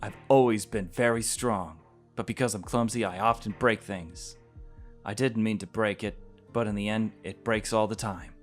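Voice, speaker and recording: Man doing a clumsy hot-headed bear in a storybook game, low-voiced, gruff bluster sliding into sheepish apology. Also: steady tone, normal speed, soft background music, natural voice. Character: big clumsy hot-tempered male bear.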